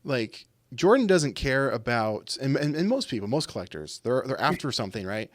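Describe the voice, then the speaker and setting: A man's voice: mid-range voice, big pitch swings, normal speed, dry recording, studio quality. A man in casual podcast chat, telling a rambling story and acting out the voices of people he quotes. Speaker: podcast guest.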